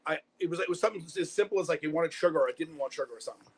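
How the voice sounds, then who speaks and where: Middle-aged man, co-host, quick and blunt, slightly raspy. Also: fairly high pitch. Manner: blunt, profane storytelling. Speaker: podcast co-host. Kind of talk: casual chat.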